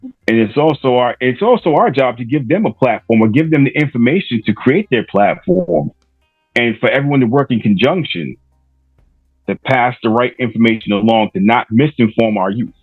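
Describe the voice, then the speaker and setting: A man's voice: mid-range voice, lively intonation, moderate pace, breathy edge, no room sound, narrow, tinny audio, soft background music. A middle-aged man from Rhode Island, a podcaster guest telling stories casually and loosely, with many fillers and restarts. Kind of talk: casual interview storytelling.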